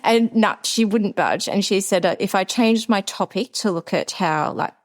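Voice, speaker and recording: A woman in her forties with an Australian accent, co-hosting a podcast and telling a story in lively casual chat, acting out the voices she quotes. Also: mid-range voice, normal speed. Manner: animated, acts out quoted voices. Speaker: podcast co-host.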